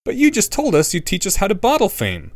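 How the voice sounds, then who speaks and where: A man reading a story aloud, voicing an excitable, clever boy wizard who sounds high, eager and indignant. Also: brisk, dry recording, clean studio sound, full character voice. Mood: cheeky.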